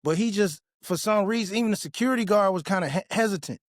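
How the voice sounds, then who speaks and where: A man hosting his own podcast tells a personal story bluntly and casually, full of street slang and profanity, and gets animated when retelling confrontations. His voice is high and fast, in studio quality with no room sound.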